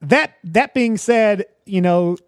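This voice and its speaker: A man co-hosting a movie podcast, telling stories in an animated way and laughing often. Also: high-pitched, takes it slowly, clear, resonant tone, dry recording, clean studio sound. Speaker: podcast co-host. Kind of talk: casual movie review chat.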